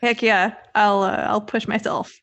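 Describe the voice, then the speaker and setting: A woman playing in a tabletop role-playing game, chatting in an upbeat way and thinking out loud as she decides her moves. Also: medium pitch, steady tone, measured pace, dull audio. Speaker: player. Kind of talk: casual tabletop game chat.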